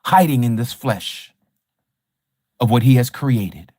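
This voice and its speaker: A Bible study teacher livestreams scripture teaching in a medium-pitched, animated, darkish voice at a slow pace. He's emphatic and rhetorical, repeating key phrases and combatively challenging a rival teacher. The studio sound is clean, with no echo.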